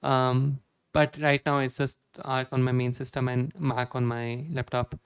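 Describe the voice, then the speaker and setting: A man's voice: medium pitch, flat delivery, unhurried, clear, resonant tone, dry recording. Man in his 20s, casual streamer chat, self-deprecating, dry close-mic sound. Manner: chatty, self-deprecating, stammering restarts. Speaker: live coding streamer.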